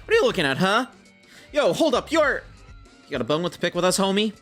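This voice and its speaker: Guy putting on a cocky young street punk, mouthy and slangy, pitched up a bit. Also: big pitch swings, quick pace, fairly bright tone, faint music behind. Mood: taunting. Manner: swaggering slangy taunts.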